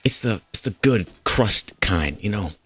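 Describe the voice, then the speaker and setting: Deep-voiced jokey gaming host. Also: male voice, expressive, unhurried, fairly bright tone, husky. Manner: jokey, rambling, talks to game characters. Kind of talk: goofy gameplay commentary.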